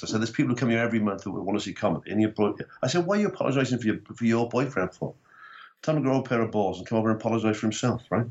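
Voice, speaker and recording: A man telling rough, sweary comedy anecdotes in a casual chat, a former teacher turned comedian from Wales. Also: fairly low pitch, very fast. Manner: swears freely, blokey and animated anecdotes. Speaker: comedian and podcast guest. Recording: dull lo-fi sound.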